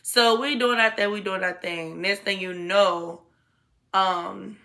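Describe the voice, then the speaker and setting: A woman's voice: mid-range voice, fairly even intonation, slow pace, pushed and bright. A young woman telling a dramatic story to her viewers in a chatty, slangy, casual way. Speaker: storytime vlogger.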